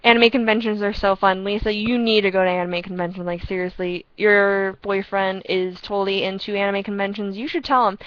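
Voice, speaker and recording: A young woman casually telling rambling, excitable stories to a friend over a headset, often breaking into laughter. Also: medium pitch, brisk, hardly any pauses, no echo, highs cut off. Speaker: storyteller chatting with a friend. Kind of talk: casual storytelling chat. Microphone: earpiece headset.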